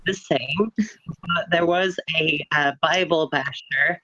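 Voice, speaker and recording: A woman speaks with a low voice and an accent blending Northern English and Scottish sounds. She tells stories with animated emphasis in a casual group podcast chat. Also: slow pace, breathy edge, dry recording, muffled recording. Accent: mixed Northern English and Scottish.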